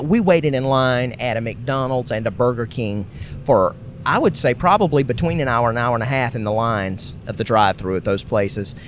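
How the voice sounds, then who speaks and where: Riding in a car on the road, a male podcast host recaps a family trip in a rambling, chatty way, correcting himself as he goes. The casual travel recap carries faint road noise and a faint vehicle rumble underneath.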